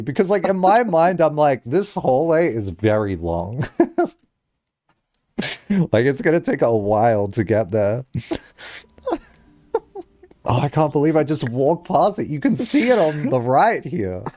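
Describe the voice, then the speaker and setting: A man's voice: fairly high pitch, big pitch swings, measured pace, pauses often, warm tone, dry recording. A young man streaming a game, chatting casually and rambling, with frequent giggles and lots of filler words. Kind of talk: casual live-stream chat.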